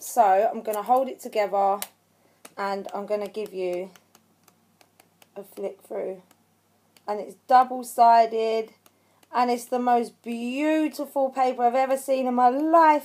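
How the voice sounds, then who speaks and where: A woman chatting through an unboxing on her craft channel, emotional, gushing with thanks and shaky with excitement. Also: fairly high pitch, unhurried. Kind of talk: unboxing vlog chat.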